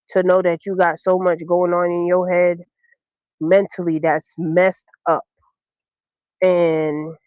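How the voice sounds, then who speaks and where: A woman from Brooklyn, hosting a podcast and telling a personal story in a candid, slangy, unhurried way with many ums. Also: fairly low pitch, a little mellow, dry recording, low-quality recording. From Brooklyn, New York. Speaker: podcast host.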